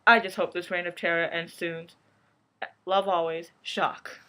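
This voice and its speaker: A woman's voice: fairly low pitch, little pitch movement, moderate pace, heavy background noise, natural voice. A woman playing a bitter, moderate male revolutionary in a school history role-play, earnest and indignant.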